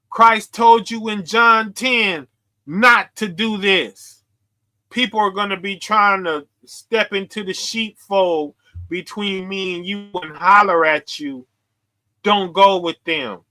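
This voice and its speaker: A man preaching forcefully to his viewers, confrontational and full of slang. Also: high voice. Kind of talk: street preaching livestream.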